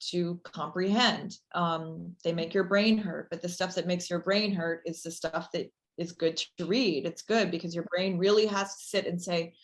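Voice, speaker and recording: A woman being interviewed as a company founder, talking casually and chattily with many fillers, warming into an enthusiastic pitch.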